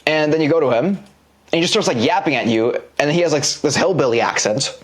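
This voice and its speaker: A man's voice: a little high, animated, quick pace. A man teaching an online business course in a casual, slangy lecture style, explaining ideas by drawing examples on a board.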